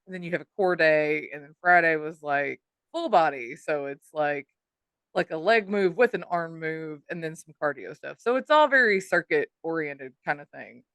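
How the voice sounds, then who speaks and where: A woman's voice: deep voice, expressive, moderate pace, fairly bright tone, smooth, no room sound. A woman co-hosting a podcast in casual chat, venting in exasperation and swearing freely. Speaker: podcast co-host.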